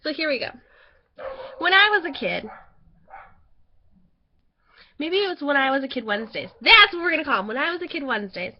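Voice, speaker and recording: Chatty high-voiced young woman vlogging. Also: very animated, very fast, highs cut off, a little hiss or hum. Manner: chatty, giggly, rambling with fillers. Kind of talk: casual chat to camera.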